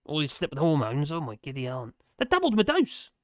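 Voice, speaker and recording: A hoarse man, hosting a casual live stream from home and chatting loosely as he reads out viewer comments. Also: fairly high pitch, huge pitch swings, fairly quick, no room sound. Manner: rambling, chatty, self-mocking, hums to himself. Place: at home in France. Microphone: desk microphone.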